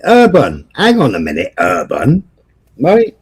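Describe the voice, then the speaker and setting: A man's voice: mid-range voice, huge pitch swings, a little slow. A man hosting a casual chat, ranting profanely and repeating himself. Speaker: host.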